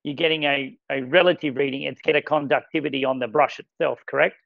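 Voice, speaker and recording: A man running a casual product training demo, talking with enthusiasm and quick exclamations. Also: mid-range voice, fairly even intonation, creaky, dry recording. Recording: dull lo-fi sound.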